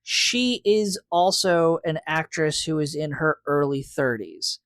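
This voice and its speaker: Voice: medium pitch, lively intonation, slow pace, fairly bright tone, no room sound. Analytical podcast co-host, dry sound. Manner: analytical, lays out theories with hedging. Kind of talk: casual recap chat.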